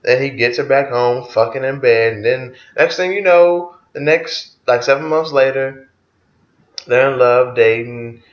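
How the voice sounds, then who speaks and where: A man's voice: mid-range voice, a little slow, roomy sound, muffled recording. A man giving a casual spoken album review, loose and profane as he retells songs track by track.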